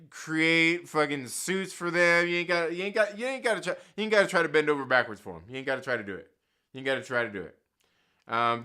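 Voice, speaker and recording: Bright, joking live stream host. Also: male voice, a little high, clean tone. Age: adult with children. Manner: slangy, profane and joking, laughs often. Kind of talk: casual live stream chat.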